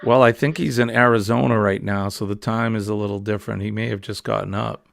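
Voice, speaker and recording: A man's voice: fairly low pitch, fairly even intonation, brisk, gravelly, no room sound, studio quality. A man with a New England accent hosting a casual, rambling morning livestream chat. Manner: chatty, rambling, easygoing. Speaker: livestream host.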